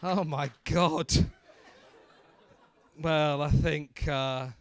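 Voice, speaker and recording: A man working as the MC at a stand-up comedy night, bantering loudly with the crowd and mocking himself. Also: on the high side, steady tone, drawn-out words, a little hiss or hum. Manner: loud, swearing, self-mocking banter. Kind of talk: crowd work between acts. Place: comedy club.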